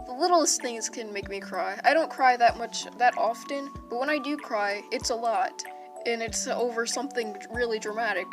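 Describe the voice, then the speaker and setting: A young woman telling an unscripted personal story in a rambling, self-interrupting way, with casual slang. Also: sits high. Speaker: storytime vlogger. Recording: music playing behind.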